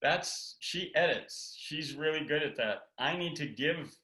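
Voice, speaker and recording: Man co-presenter, bright tone, anecdotal and jokey, roomy echo. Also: fairly high pitch, unhurried. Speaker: communication workshop speaker. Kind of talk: teaching talk with spouse.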